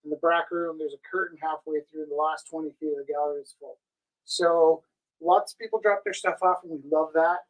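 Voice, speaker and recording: Brief: male co-host, pitched a bit high, loose rambling anecdotes on a live art stream. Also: fairly quick, rough recording. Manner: rambling storyteller, animated. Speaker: gallery co-host. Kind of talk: casual live-stream chat.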